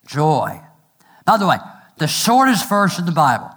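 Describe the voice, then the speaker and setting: A middle-aged male pastor preaching a sermon, asking "amen?" and slowing down to stress each point. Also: on the high side, very animated, fairly bright tone. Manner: preaching with call-and-response and numbered points; slows to stress phrases, quick asides.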